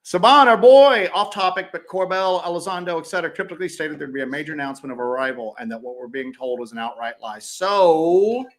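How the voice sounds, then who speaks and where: A man's voice: fairly high pitch, fairly quick, few pauses. Joking man co-hosting a chat. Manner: joking, animated storytelling. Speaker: co-host of paranormal podcast. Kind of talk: casual livestream chat.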